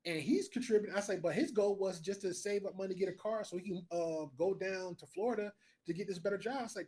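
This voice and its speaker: A man co-hosting a podcast, telling a story in a blunt, profane, animated way. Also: high-pitched, fast talker. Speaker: podcast co-host. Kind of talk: casual storytelling.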